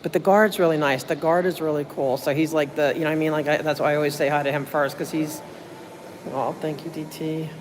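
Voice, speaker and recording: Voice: mid-range voice, fairly even intonation, brisk, long reverb tail, background noise. Tired chatty livestreamer rambling to viewers. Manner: chatty, rambling, full of fillers and thanks. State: tired, running on little sleep. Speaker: livestreamer at a public meeting. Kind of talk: casual live chat with viewers. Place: city hall building, indoors.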